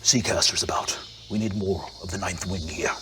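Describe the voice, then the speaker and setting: A man voicing a menacing male pit fiend devil interrogator in a slow, low whisper, in a tabletop game. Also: steady tone, slight background noise. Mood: curt. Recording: loud music under the voice. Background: loud music.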